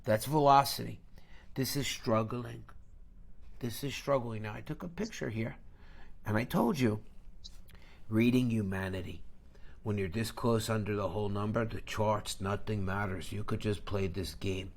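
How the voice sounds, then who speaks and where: A man's voice: fairly low pitch, fairly even intonation, normal speed, gravelly. A man hosting a live trading stream, lecturing bluntly and emphatically and tagging his points with a questioning "okay?". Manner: blunt and scornful.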